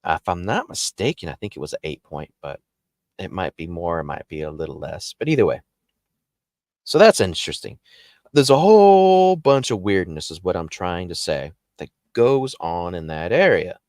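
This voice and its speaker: A man casually telling a paranormal story as the show's host, animated and jumping up in pitch when he acts out quotes. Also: moderate pace, no room sound, clean studio sound. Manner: animated, jumps high when acting out quotes.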